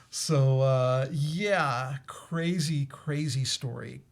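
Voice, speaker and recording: A man's voice: medium pitch, drawn-out words, vocal fry. A man hosting a casual talk, telling a ghost story with many fillers and restarts and frequent laughs. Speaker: host.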